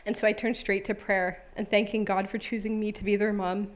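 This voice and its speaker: A woman's voice: medium pitch, little pitch movement, a little fast, hardly any pauses. Heartfelt woman giving a church testimony. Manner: conversational and heartfelt, with many fillers. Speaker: church member sharing a testimony and reading scripture. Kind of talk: personal testimony to a congregation. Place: church service.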